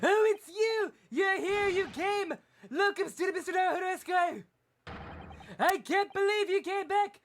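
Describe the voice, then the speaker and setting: A woman voicing an overjoyed, excitable man who gushes in exclamations. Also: very high-pitched, unhurried, slight background noise, voice pushed up. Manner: gushing, exclamatory.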